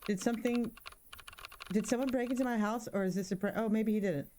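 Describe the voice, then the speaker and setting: A woman's voice: a little high, brisk, a little hiss or hum. A woman in her thirties doing casual let's-play commentary, joking around and spooking easily. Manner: animated, jokey, easily spooked. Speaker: gaming streamer.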